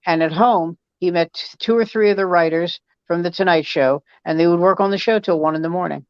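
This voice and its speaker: A man's voice: sits high, brisk, clear, resonant tone, no echo, muffled recording. An older male comedian hosting a casual chat, telling anecdotes and acting out the dialogue. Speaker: host, comedian.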